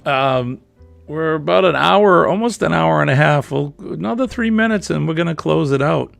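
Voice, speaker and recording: Brief: Boston-accent host, gravelly, dry close sound, easygoing chat. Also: male voice, fairly high pitch, moderate pace, a bit bright, dry recording, faint music behind. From New England. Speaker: livestream host. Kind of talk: casual chat.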